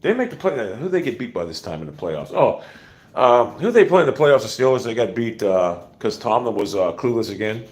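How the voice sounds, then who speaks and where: A man's voice: mid-range voice, big pitch swings, fairly quick, a little mellow. A man hosting a casual livestream, ranting bluntly with profanity and rambling asides. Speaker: livestream host.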